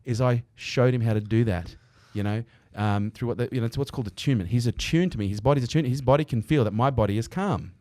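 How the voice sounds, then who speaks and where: Brief: male podcast guest, rapid and earnest, swears casually, dry close sound. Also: mid-range voice, mellow, no room sound. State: he is a parent. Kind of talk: candid conversational interview.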